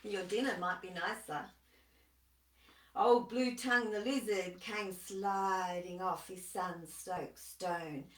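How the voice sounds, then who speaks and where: A woman's voice: medium pitch, steady tone, takes it slowly, fairly bright tone, distant mic, slight background noise. A woman reading a children's story aloud expressively, asking her listeners questions along the way. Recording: echoey room, voice off-mic.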